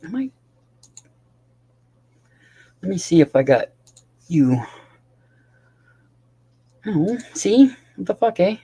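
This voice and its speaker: A man's voice: high-pitched, very animated, slow pace, pauses often, mellow, breathy edge. A tired man rambling casually to his livestream chat, swearing often and talking to viewers by name.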